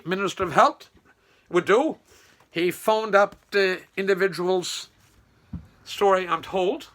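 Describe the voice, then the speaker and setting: An online commentator from Nova Scotia delivers a sarcastic, opinionated political monologue. His voice is high-pitched, bright, and forceful, and he tells his stories in a mocking tone.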